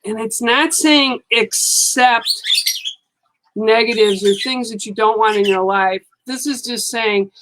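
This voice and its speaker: Slow, soothing woman reading cards. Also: fairly high pitch, a bit bright, a little hiss or hum, low-quality recording. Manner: slow, soothing, reassuring, repeats "okay". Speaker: psychic card reader. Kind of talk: live-stream card reading.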